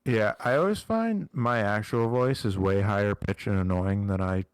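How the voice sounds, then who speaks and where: Playful young man with a lowish voice. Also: moderate pace, clear, resonant tone, no room sound. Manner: playful, teasing. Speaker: podcast co-host. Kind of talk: casual podcast chat. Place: basement.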